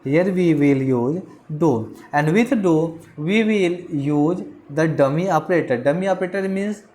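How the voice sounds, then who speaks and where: A grammar teacher giving a lecture, halting with many fillers and restarts, and repeating example sentences slowly word by word. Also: medium pitch, dark tone.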